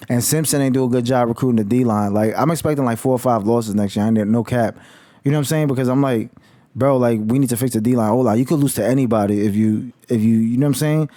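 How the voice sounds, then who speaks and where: A man's voice: medium pitch, quick pace, dark tone, no room sound. A man vlogging about college football in a heated, slangy rant full of swearing. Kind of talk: casual profane rant.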